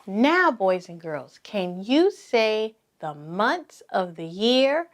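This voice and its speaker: Slow, sing-song preschool teacher woman. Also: mid-range voice, very animated. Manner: repeats each word slowly for children to echo, encouraging.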